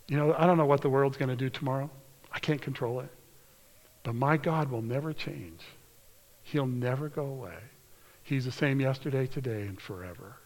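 A man preaching a sermon, reading scripture aloud in an earnest way and slowing down or dropping to a hushed whisper for emphasis. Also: mid-range voice. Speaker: pastor. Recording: long hall reverb.

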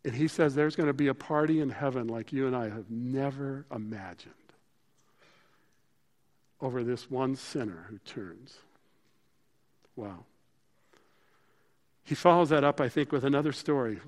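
A man preaching a sermon in a casual, conversational way, growing animated and then dropping to a hushed voice for emphasis. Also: medium pitch, measured pace, long pauses, long reverb tail. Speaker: pastor.

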